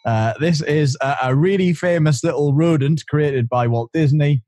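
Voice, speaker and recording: A man co-hosting a podcast, giving quiz clues in a halting way with many fillers. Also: on the high side, mellow. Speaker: podcast co-host.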